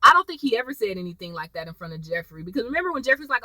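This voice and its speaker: Lively, bright-voiced woman recapping TV. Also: on the high side, quick pace, no echo, rough recording. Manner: animated, acts out characters' lines. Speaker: TV episode reviewer. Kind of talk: casual recap chat.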